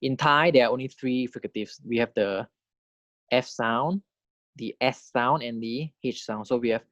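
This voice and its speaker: A man teaching a phonetics lesson, explaining consonant types in a patient, explanatory way, demonstrating sounds slowly and checking in with "right?" and "okay". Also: mid-range voice, fairly even intonation, a bit bright, dry recording, lo-fi sound. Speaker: language teacher. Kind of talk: phonetics lecture.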